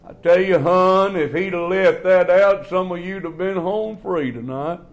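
A man preaching a sermon in a church in a folksy, drawn-out way, often dropping to a low murmur. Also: dull audio.

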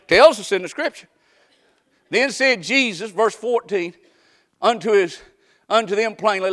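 A man preaching a folksy sermon that swings from quiet talk up to shouting. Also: sits high.

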